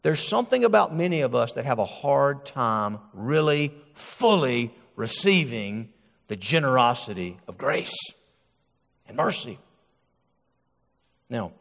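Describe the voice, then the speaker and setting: A male pastor preaching a sermon, animated and acting out the voices he quotes. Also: medium pitch, creaky, long reverb tail.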